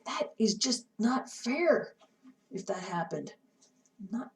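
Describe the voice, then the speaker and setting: A woman's voice: mid-range voice, sing-song, measured pace. Cross-stitch streamer, woman, mid-range voice, casual running chatter, heard from a little distance. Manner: chatty, talks to herself and chat while working. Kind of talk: casual live-stream chat while stitching.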